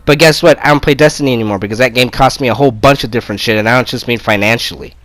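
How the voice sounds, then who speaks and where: A man, a gaming video creator, delivering an angry, profane rant to camera. He gloats loudly and stumbles into strings of stammered fillers. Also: medium pitch, racing, no echo, rough recording.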